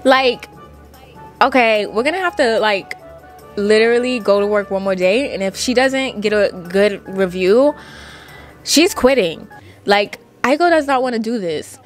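A young woman giving casual, playful commentary while playing a life-sim game, full of "like" and quick asides. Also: medium pitch, lively intonation, faint music behind. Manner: chatty, playful, lots of "like". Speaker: gaming YouTuber. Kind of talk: casual let's-play commentary.

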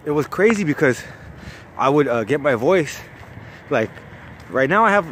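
A man's voice: on the high side, lively intonation, normal speed, fairly bright tone, a little hiss or hum. A man from California with a Chicano accent, casually telling stories from his old call-center job, swearing freely and leaning on fillers. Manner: profane, laid-back storytelling full of fillers. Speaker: former bank call-center worker. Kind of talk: casual storytelling vlog.

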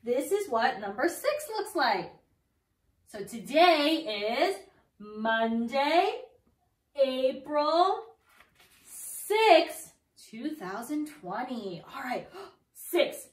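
A woman's voice: sits high, very animated, extremely slow. A young woman leading toddlers through circle time from her home, in an exaggerated, encouraging sing-song teacher voice. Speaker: preschool teacher. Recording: roomy sound, far from the mic.

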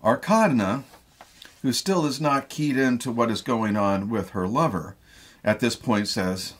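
A middle-aged man, a theatre professor, lecturing on a play in a deliberate, thoughtful way, often repeating words as he thinks. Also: mid-range voice.

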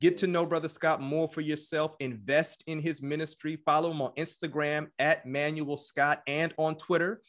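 A man's voice: a little high, level tone, moderate pace, few pauses, a bit bright. A man who is a pastor and podcast host, speaking in a fervent, encouraging, preacherly way. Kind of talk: exhortation and show wrap-up.

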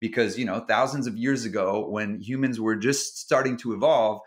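Male podcast guest, low-pitched, analytical explainer with a conversational tone. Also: normal speed. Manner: explanatory, casts himself as the logical one. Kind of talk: casual podcast interview.

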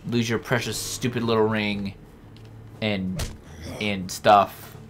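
A man hosting a let's-play, chatting casually over gameplay and swearing freely as he reacts with jokes and bursts of excitement. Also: lowish voice, slow pace, slight background noise. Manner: profane, excitable, joking.

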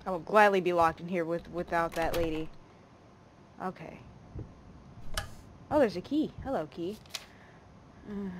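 A woman's voice: on the low side, unhurried, pauses often, slight background noise. Woman, let's play host, horror game commentary, jokey, easily spooked, swears a lot. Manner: jumpy and jokey, swearing freely. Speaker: gaming channel host.

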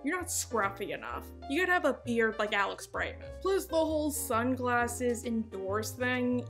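Woman doing video essay narration, dry sarcastic jokes, highish voice, soft music under. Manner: wry, sarcastic asides.

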